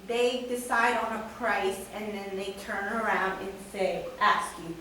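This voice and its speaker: A woman student works through a question in class, pausing and thinking aloud as she talks. Her voice is mid-pitched and distant, carried through a very reverberant classroom. Faint room noise sits behind her. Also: fairly even intonation, sharp tone. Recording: echoey classroom from far off.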